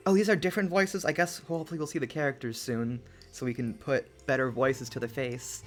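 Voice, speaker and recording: A streamer chatting through a live game stream, moving between excited exclamations and mumbled asides. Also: medium pitch, brisk, few pauses. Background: faint lo-fi music.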